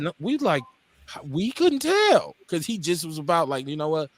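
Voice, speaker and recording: His voice on the high side and at normal speed in a dry recording, this Milwaukee man in his forties hosts a casual talk radio show. He's blunt and profane, animatedly acting out the characters in his stories.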